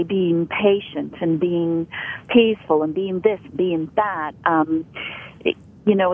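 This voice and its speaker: Slow, husky woman on a phone line. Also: fairly low pitch. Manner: demonstrates different voices, earnest and coaching. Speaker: guest, sound healer. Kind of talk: radio interview over the phone.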